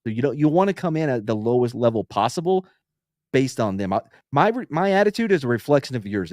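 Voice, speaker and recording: A man chatting on a casual podcast, telling stories about police work, sometimes dropping to a low, calm voice to show how he'd talk someone down. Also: fast talker, no echo, clean studio sound. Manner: relaxed storytelling, drops tone to mimic calm talk, swears freely. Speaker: podcast co-host, former police officer.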